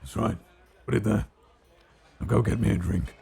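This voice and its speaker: A man voicing a gruff, surly male paladin in heavy armor who bullies people in a tabletop game. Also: on the low side, normal speed, mellow, full character voice. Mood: demanding. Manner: grunting, curt and demanding.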